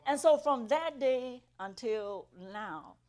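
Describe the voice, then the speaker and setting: A woman's voice: a little high, animated, slow, darkish tone. Earnest woman giving a church testimony. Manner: earnest storytelling, builds to emphatic peaks. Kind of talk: testimony sermon.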